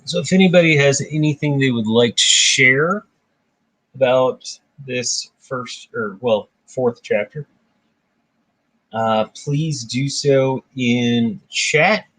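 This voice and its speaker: A man's voice: medium pitch, slow pace. A man hosting a casual book discussion, retelling myths in his own words. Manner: animated retelling, voicing characters briefly.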